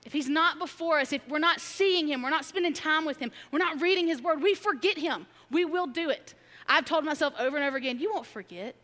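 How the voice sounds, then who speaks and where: Bright-voiced woman preaching in a reverberant hall. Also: high-pitched, fairly quick. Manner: candid, emotional, conversational, laughs often. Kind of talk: sermon. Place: church sanctuary.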